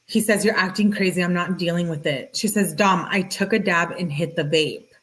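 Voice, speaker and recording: A woman's voice: lowish voice, moderate pace, fairly bright tone. A woman reading text messages aloud and reacting to them in a casual, slangy way with sarcastic asides. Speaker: true-crime commentator.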